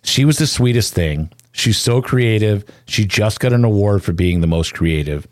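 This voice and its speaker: Deep-voiced man reading somber news. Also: lively intonation, normal speed, a little mellow, no room sound, studio quality. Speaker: news narrator.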